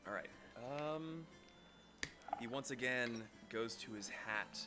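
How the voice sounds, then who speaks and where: A man narrating as game master, animated and acting out the crowd's voices. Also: mid-range voice, slow, loud music behind the voice.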